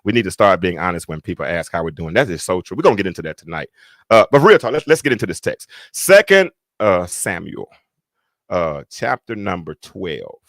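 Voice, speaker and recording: A man preaches a Bible lesson over a livestream. His low voice jumps into high, loud emphasis and then drops to mumbled side comments. The recording is dry and close. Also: lively intonation, racing, no echo. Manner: swings between loud preaching and quiet muttered asides. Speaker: preacher and podcast host. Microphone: computer mic on a livestream.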